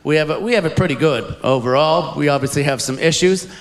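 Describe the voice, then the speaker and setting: A man doing stand-up before a live audience, shouting out his punchlines. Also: fairly high pitch, fast talker. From Canada. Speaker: stand-up comedian. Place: stage in a large room with an audience. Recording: echoey live recording with crowd noise.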